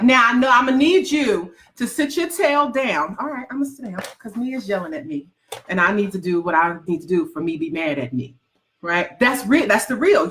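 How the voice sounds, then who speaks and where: A woman's voice: mid-range voice, fairly bright tone. A woman coaching aspiring book writers in a motivational talk to a live audience, emphatic and repetitive, teasing her listeners and calling them "baby". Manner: folksy, calls listeners "baby".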